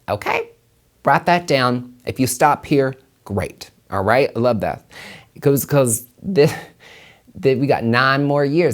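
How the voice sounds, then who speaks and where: A man hosting a solo podcast about tarot and numerology, with a voice at a middle pitch for a man. He talks with heavy emphasis and plenty of swearing, jumping up in pitch to stress his points. He keeps calling the listener honey. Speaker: podcast host and tarot reader.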